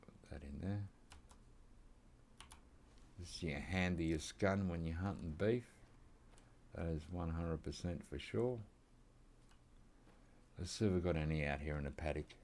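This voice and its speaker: Deep-voiced Australian man chatting while gaming. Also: measured pace, long pauses, darkish tone, a little hiss or hum. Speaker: gaming channel host. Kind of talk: casual gameplay commentary.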